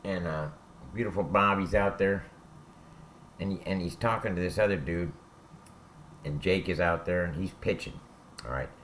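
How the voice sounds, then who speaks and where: A man's voice: low voice, normal speed, pauses often, a bit bright, slight background noise. A man who served time tells prison stories in a blunt, profane way and keeps checking in with "all right?". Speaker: former prisoner telling stories. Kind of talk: casual spoken storytelling.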